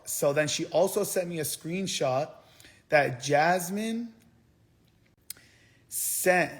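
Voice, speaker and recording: A young man rants to his viewers on a live stream, his voice sitting a little high for a man. He rambles through the story in heated bursts, swearing and restarting his sentences as he goes. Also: measured pace. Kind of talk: angry livestream rant. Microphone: phone.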